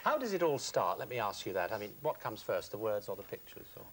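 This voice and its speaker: A man presents a regional TV programme in a brisk, chatty way. His pitch rises and falls a lot as he talks. He keeps the pace quick. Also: sing-song, fairly bright tone, slight background noise. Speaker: TV studio interviewer. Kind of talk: regional TV interview and sign-off.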